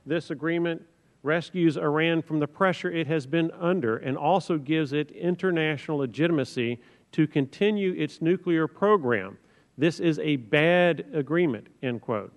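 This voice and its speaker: A man from Alabama questions a witness at a congressional hearing in a fairly high voice. He reads from prepared remarks in an insistent, formal manner and marks each quote aloud. A long reverb from the large hearing room trails his words.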